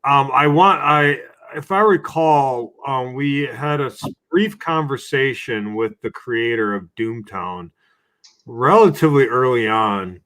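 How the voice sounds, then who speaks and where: A man's voice: mid-range voice, lively intonation, unhurried, a bit bright. A man in a casual livestream chat, thinking aloud and restarting his sentences. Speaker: game creator co-host.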